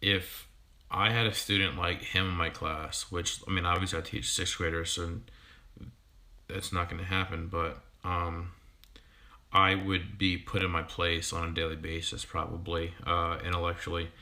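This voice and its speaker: A man in his thirties, a fishkeeping YouTuber who also teaches sixth grade, chats casually with livestream viewers. His very low, flat-pitched voice has a bright, slightly edgy tone, and his speech is halting, full of ums and frequent restarts.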